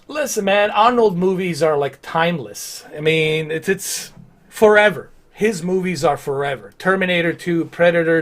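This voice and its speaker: A man chatting casually on a live game stream, rambling with lots of fillers and restarts. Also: a little high.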